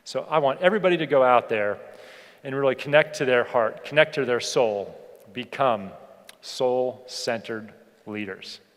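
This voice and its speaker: A man giving a motivational keynote speech to an audience. He asks them rhetorical questions and slows down to stress key points. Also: mid-range voice. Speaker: keynote speaker. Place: large hall on stage. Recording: long hall reverb.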